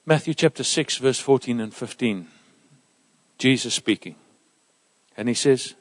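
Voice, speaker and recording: A man preaching a sermon in a church, emphatic and lively, dropping into soft asides. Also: medium pitch, measured pace, long pauses. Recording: reverberant church hall.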